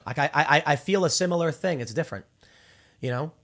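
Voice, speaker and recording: A man's voice: on the high side, fairly quick, a bit bright. A male host in his thirties giving casual opinion commentary, rambling and restarting with repeated words. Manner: acts out quoted people in exaggerated voices.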